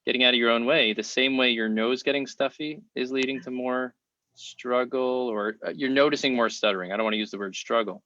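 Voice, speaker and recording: A man's voice: medium pitch, a little fast, bright, forceful tone. A man hosting a podcast interview, speaking in an earnest, encouraging way. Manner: earnest, encouraging, wraps up with reflections. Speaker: podcast host. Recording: dry, muffled lo-fi audio.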